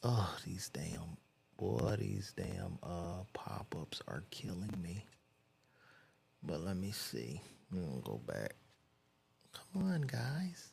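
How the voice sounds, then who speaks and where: A man's voice: deep voice, big pitch swings, slow pace, vocal fry, darkish tone. A man casually reading celebrity news aloud and reacting with loose, profane commentary while he browses.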